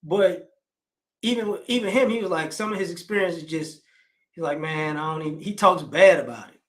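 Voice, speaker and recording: A man in his forties chats casually, with a voice pitched a bit above the usual male range. He rambles and doubles back, restarting his sentences and filling the gaps as he goes. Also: normal speed. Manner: rambling, with frequent restarts and fillers. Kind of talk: casual conversational commentary.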